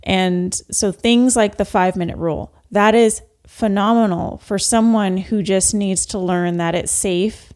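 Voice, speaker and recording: A woman's voice: mid-range voice, fairly even intonation, unhurried, hardly any pauses, darkish tone. A woman hosting a podcast, reflecting in a thoughtful, coaching way on emotional growth. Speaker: podcast host. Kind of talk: reflective interview talk.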